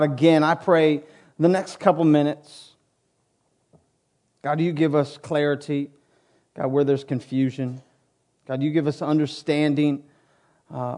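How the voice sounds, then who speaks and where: A man pastor preaching a sermon in a church, moving from quiet prayer to impassioned teaching. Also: on the high side. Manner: prays softly, then preaches with rising intensity. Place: church sanctuary.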